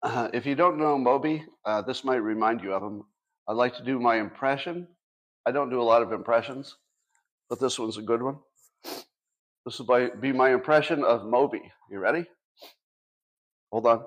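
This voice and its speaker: A man's voice: medium pitch, moderate pace, long pauses. A man in his sixties hosting a casual livestream, talking to his audience with dry sarcastic asides. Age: 60s. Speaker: podcast host.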